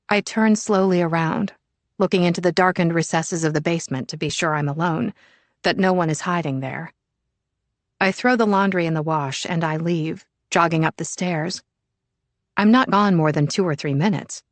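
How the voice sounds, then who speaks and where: A woman narrating a psychological thriller in the first person, measured and steady. Her voice sits on the low side. The studio sound is dry and close, with no room echo. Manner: measured, even storytelling. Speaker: audiobook narrator.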